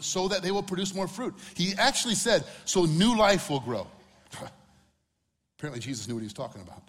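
Man preaching in a reverberant hall. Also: fairly high pitch. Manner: conversational, acts out quotes with humor. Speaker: pastor. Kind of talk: sermon.

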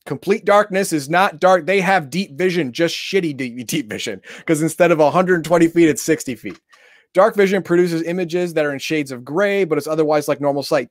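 A man's voice: on the high side, brisk, no echo, clean studio sound. A man reading tabletop game rules aloud in casual chat, breaking into exasperated, profane rants.

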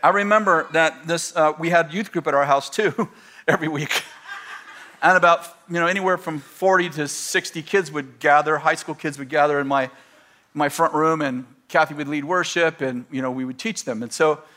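A middle-aged male pastor preaching a sermon to a live audience, telling lively stories and acting out the voices of the people in them. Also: fairly high pitch, normal speed. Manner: storytelling, animated retelling with voiced quotes.

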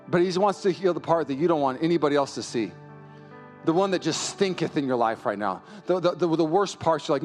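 Pastor guy preaching, kinda high voice, goes from low-key storytelling to loud fired-up shouting, light music under it. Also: lively intonation, a little fast. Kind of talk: sermon. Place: church.

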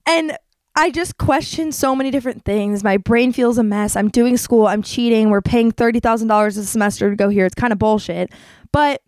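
A woman's voice: mid-range voice, dry recording, studio quality. A young woman hosting a podcast, talking candidly and casually about her life, with a chatty manner. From New Jersey. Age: young adult. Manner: chatty, candid, lively with quoted voices. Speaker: podcast host. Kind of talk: casual confessional monologue.

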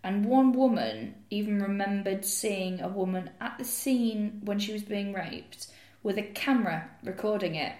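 A woman's voice: mid-range voice, moderate pace, darkish tone. A young woman co-hosting a comedy podcast, telling bawdy, sweary stories with frequent laughter. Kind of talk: casual comedic chat. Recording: roomy echoey podcast room.

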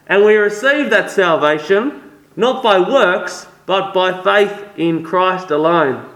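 A man's voice: sits high, fairly bright tone. An Australian man playing a shy, scholarly French church reformer from the 1500s in a costumed interview, explaining his story earnestly. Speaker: costumed historical guest. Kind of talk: in-character interview. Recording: roomy echo.

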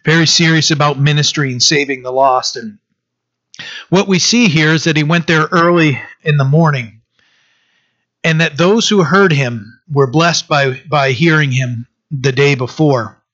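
Guy preaching, slightly high voice, stops and restarts a lot, kinda muffled lo-fi recording. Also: fairly bright tone. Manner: halting, many fillers and restarts. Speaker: pastor. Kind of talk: sermon.

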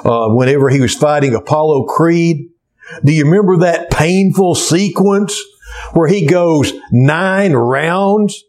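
A man's voice: on the high side, takes it slowly, darkish tone. A man preaching a sermon to a church congregation, with an emphatic cadence that rises and falls.

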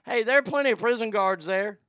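A man's voice: sits high, fairly quick, fairly bright tone, no echo, clean studio sound. A male radio host giving blunt, vulgar, mocking comedic commentary.

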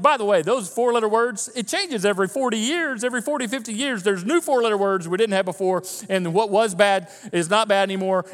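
Man, pastor, sermon, high voice, long hall echo. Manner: animated, acts out quoted voices of listeners. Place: church hall.

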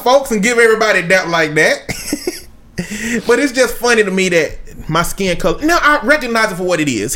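A man's voice: high voice, bright, forceful tone. A man chatting casually on a podcast, telling stories with jokes and frequent laughter. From Southern United States. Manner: storytelling, joking, laughs often. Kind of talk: casual chat.

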